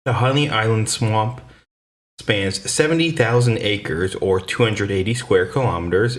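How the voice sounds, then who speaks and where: A man hosting a casual chat podcast, easygoing and rambling, often stumbling and restarting. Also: lowish voice. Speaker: podcast host.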